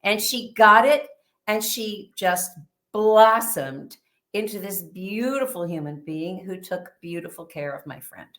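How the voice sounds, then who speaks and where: A woman guest, a bit under the weather, telling a vivid story in an animated way during an interview. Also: mid-range voice, measured pace.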